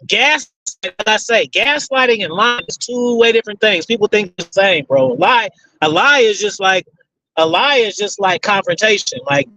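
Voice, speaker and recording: A man's voice: high voice, expressive, moderate pace, pushed and bright, no room sound, low-quality recording. A man hosting a casual question-and-answer session, rambling in profane street slang. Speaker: host answering audience questions. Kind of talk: casual Q and A talk.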